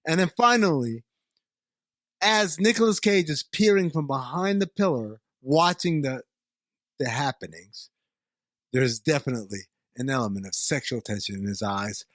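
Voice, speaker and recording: A man co-hosting a comedy podcast, riffing loudly and swearing freely. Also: medium pitch, moderate pace, dry recording, clean studio sound. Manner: loud, profane riffing. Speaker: podcast co-host. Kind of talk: casual comedic chat.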